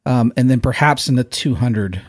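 A man's voice: mid-range voice, normal speed, background noise. Enthusiastic man co-host. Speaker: podcast co-host. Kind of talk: casual podcast chat.

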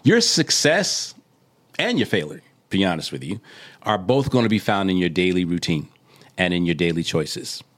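A man with a slightly low voice co-hosts a casual podcast. He gives motivational advice in a loose, conversational way, breaking into animated, joking asides. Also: moderate pace. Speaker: podcast co-host.

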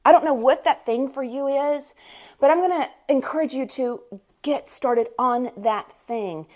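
A woman's voice: sits high, unhurried. Chatty woman podcast host. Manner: chatty and animated, with frequent laughs. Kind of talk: casual storytelling monologue.

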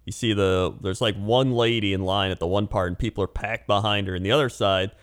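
A man co-hosting a casual chat, telling animated stories and mimicking people. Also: a little fast. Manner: animated storyteller, mimics people in high voices.

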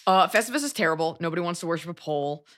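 A woman's voice: on the low side, lively intonation, fairly bright tone. Blunt, profane woman giving advice. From Dallas, Texas. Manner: blunt, profane, rapid opinionated riffing. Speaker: podcast host giving advice. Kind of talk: casual advice chat.

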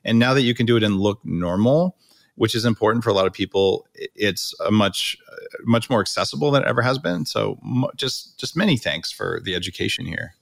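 A man hosting a podcast interview, enthusiastic and quick to thank his guest. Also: lowish voice, expressive, vocal fry, a bit bright, no room sound, clean studio sound. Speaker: podcast host.

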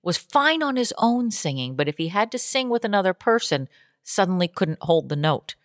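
A woman co-hosting a podcast, chatting casually with animated, exaggerated reactions. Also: mid-range voice, normal speed, dry recording, clean studio sound. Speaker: podcast co-host. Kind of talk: casual chat.

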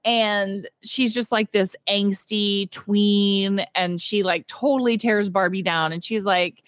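Young woman podcast co-host, animated film recap, quoted voices, dry close sound. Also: medium pitch, takes it slowly, no echo. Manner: animated retelling with quoted character voices and frequent laughter. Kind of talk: casual movie recap chat.

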